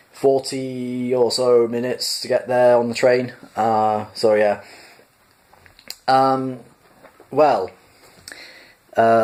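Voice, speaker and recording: A man's voice: lowish voice, darkish tone. Chatty man reading aloud. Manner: rambling, chatty, with fillers. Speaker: storyteller, channel host. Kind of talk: casual book reading and chat.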